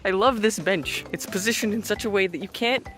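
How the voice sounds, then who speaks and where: A man's voice: high voice, brisk, a bit bright. A young man casually vlogging a road trip and campus visit in a playful, jokey way. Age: young adult. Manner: playful and jokey, slipping into silly voices. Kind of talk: casual vlog narration. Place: outdoors on a college campus and in a car. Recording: music playing under the voice.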